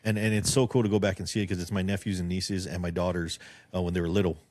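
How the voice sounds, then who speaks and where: A middle-aged man, a podcast guest and filmmaker, chatting casually and telling a story in an animated, profanity-laced way. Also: low-pitched, fast talker, no room sound.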